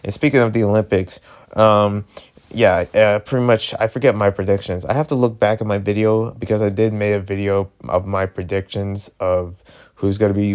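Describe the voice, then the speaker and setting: A man's voice: lowish voice, a little mellow. A man with a New Jersey accent, chatting casually and rambling on a vlog, often restarting and joking. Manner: rambling, self-interrupting, joking. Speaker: YouTuber. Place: hotel room.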